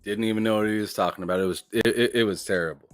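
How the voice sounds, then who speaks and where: A man's voice: fairly low pitch, fairly even intonation, racing, dry recording, soft background music. A man as a guest on a casual podcast, chiming in with short agreeing remarks.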